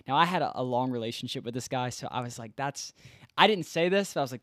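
A man's voice: mid-range voice, expressive, fast, fairly bright tone, no room sound, studio quality. A young man, a former intern who works with college students, talking earnestly in casual podcast chat and acting out bits of dialogue. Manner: earnest, conversational, reenacts dialogue. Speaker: former intern, campus ministry worker.

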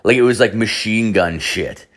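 A young man tells a crude story in a loose, rambling way, swearing and filling every gap with "like". His voice sits on the low side. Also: normal speed, fairly bright tone. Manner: profane, rambling, heavy filler "like".

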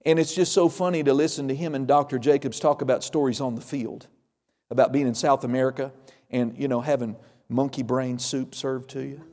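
A man's voice: mid-range voice, warm tone, in a large hall. A male pastor preaching a sermon, emphatic and repetitive, with folksy humor.

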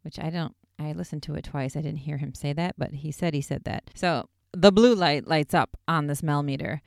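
A woman's voice: low-pitched, steady tone, moderate pace, few pauses, dry recording, studio quality. A woman casually recapping a TV episode in a chatty way, with lots of "like" and wry asides.

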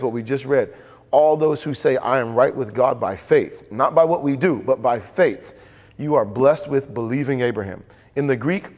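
Man preaching in a reverberant hall. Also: medium pitch. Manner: animated preaching, acting out voices in stories. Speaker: pastor. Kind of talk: sermon.

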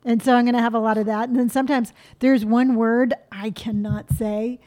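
A woman from California chatting casually as host, talking quickly and freely. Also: a little high, steady tone, a crowd in the background. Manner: quick, chatty, self-described fast talker. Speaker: YouTuber and host. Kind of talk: casual chat.

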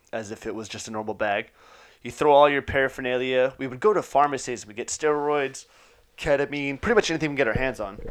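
A man telling a personal story in a casual, profane way, with fillers and laughter. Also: medium pitch.

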